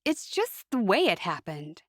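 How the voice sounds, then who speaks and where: Touchy young Amish woman read by a woman, curt, sulky, lively pitch, dry sound. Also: a little slow, no echo. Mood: peeved.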